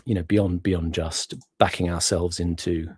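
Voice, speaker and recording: A man's voice: low voice, flat delivery, measured pace, a little mellow, breathy edge, no echo, clean studio sound. A middle-aged man from Hartlepool with a Northeast English accent, hosting a casual conversation and talking in a rambling, hesitant way. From Hartlepool, England. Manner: rambling, hesitant, laughs often. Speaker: podcast host.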